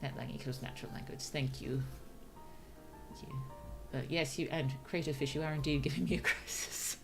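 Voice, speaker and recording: Australian woman streamer, low, gravelly voice, chatty and laughing, faint music behind. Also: fairly even intonation, moderate pace. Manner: musing, chatty, laughs often. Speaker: streamer and writer. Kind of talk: casual livestream chat.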